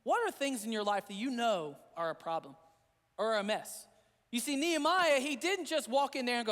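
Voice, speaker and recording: A man's voice: very high-pitched, expressive, a little fast, a bit bright, long reverb tail. A man preaching a sermon as a pastor, earnest and repetitive in a conversational way. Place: church sanctuary.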